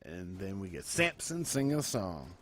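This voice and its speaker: A man co-hosting a podcast in casual chat, laid-back and joking, quick to agree. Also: low voice, sing-song. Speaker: podcast co-host.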